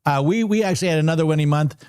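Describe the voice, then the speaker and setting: A man hosting a live trading stream, chatting to his viewers in an excitable, casual way and repeating numbers aloud as he works. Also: on the high side, very fast, smooth, no echo. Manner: excitable, talks to viewers and chat. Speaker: livestream trading host.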